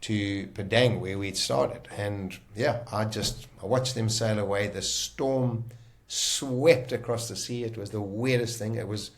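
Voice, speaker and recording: A man telling his own survival story in casual talk, vivid and emotional, often pausing and restarting. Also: on the low side, steady tone.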